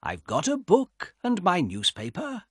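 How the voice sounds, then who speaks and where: A man voicing the inner thoughts of a quiet, fussy fifty-year-old man in a read-aloud story. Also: high-pitched, huge pitch swings, breathy edge, no room sound, clean studio sound, pitched above the performer's own voice, full character voice. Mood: musing. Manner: slow, mildly grumbling inner thoughts. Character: quiet, fussy middle-aged man, fond of trains.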